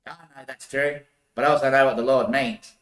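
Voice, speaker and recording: A man's voice: mid-range voice, steady tone, brisk, fairly bright tone, reverberant. A man rambling through a loose monologue, often laughing and swearing.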